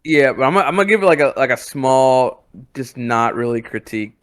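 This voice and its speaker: A man's voice: mid-range voice, animated, a little fast, a bit bright. A man co-hosting a podcast, talking casually with lots of hesitations and filler words. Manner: hesitant, full of ums and likes. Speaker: podcast co-host. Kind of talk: casual chat.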